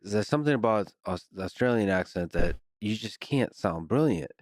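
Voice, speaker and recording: Podcast host guy, super low voice, dry sound, asks soft curious questions. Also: animated, normal speed, dry recording. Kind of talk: casual conversation.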